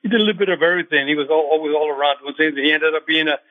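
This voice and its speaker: An older man, a retired boxing referee, speaking as a radio show guest and recalling things in a halting way with many fillers and restarts. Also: on the high side. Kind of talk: phone-in radio interview. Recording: tinny phone line.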